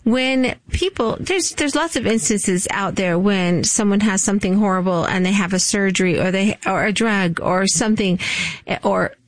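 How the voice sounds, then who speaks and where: A woman's voice: medium pitch, normal speed, dry recording. A woman guest on a talk program, explaining in an earnest manner, often repeating words as she starts her points. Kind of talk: casual interview talk.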